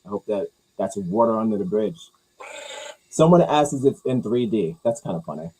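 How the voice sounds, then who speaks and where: A man's voice: expressive, moderate pace, slightly rough, low-quality recording. A man hosting a podcast, riffing casually and jokingly on comments, rambling and repeating himself. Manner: rambling, jokey, swings loud and high for bits. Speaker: podcast host reading comments.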